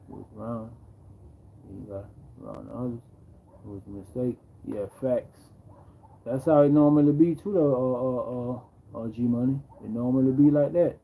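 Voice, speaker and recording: Laid-back male livestream host, dark mellow tone, faint background hiss, keeps repeating "bro". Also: fairly low pitch, low-quality recording. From Jamaica. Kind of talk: casual livestream storytelling.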